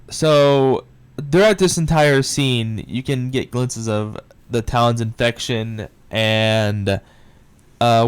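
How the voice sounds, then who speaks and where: A man casually recapping a film's plot for a review, excitable and quick to swear. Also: medium pitch, smooth. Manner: excitable retelling, swears often. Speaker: movie reviewer.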